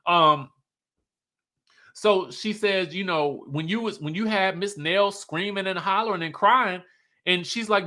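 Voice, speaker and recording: A man's voice: sits high, unhurried, pushed and bright. A man giving a casual, sassy reality-TV recap, laughing often and quoting the cast. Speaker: show recap commentator.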